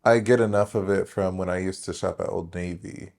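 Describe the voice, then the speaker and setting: A man's voice: deep voice, steady tone, brisk, gravelly, darkish tone. A man co-hosting a podcast in casual chat, with teasing, dry quips. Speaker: podcast co-host.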